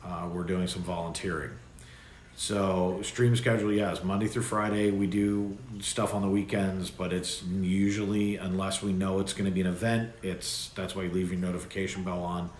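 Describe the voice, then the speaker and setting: Rambling low-voiced male stream host. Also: level tone, normal speed. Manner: rambling, loose, with many fillers and restarts. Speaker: livestream host. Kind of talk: casual livestream chat. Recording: echoey room with faint background noise.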